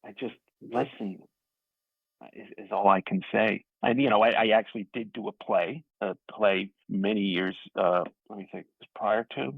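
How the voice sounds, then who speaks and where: A man's voice: deep voice, vocal fry, breathy edge, dry recording. A man from Staten Island, New York, a guest actor, telling rambling, self-deprecating stories in a casual interview over a remote call. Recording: tinny phone-like dry audio.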